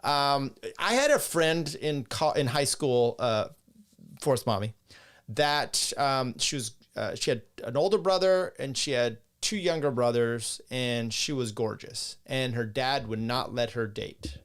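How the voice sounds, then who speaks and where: Middle-aged male host, gravelly, mid pitch, loose rambling delivery with crude asides. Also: unhurried. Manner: rambling, profane, chuckling asides. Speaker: podcast host. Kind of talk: casual live-stream talk, reading chat.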